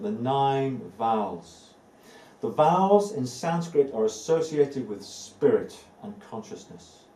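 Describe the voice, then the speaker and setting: Earnest and warm, a spiritual teacher with a mellow, mid-range voice talks to a live audience in an indoor room, repeating key words to add weight. He's heard from a distance in an echoey room, with a faint hum of ambient noise beneath him.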